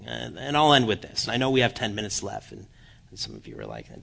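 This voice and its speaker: A man giving a sermon as guest preacher, joking at his own expense with halting restarts. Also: medium pitch, animated, gravelly, a bit bright, breathy edge. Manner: self-deprecating humor, halting restarts. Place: church.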